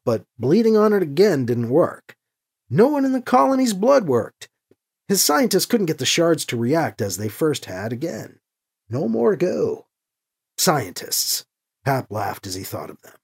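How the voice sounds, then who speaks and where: A reader narrating a novel with expressive storytelling. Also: vocal fry, breathy edge. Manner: expressive storytelling with wide pitch swings. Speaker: audiobook narrator. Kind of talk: scripted narration.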